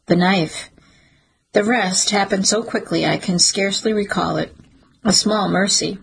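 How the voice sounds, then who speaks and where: A woman narrating a dark first-person story in a grave, measured audiobook reading. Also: mid-range voice, vocal fry, breathy edge, poor audio.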